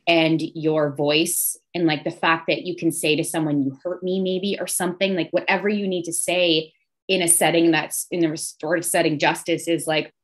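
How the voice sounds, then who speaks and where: A woman podcast host talks earnestly and emotionally in conversation, often offering soft affirming murmurs. Her voice sits a little low for a woman. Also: fairly even intonation, moderate pace.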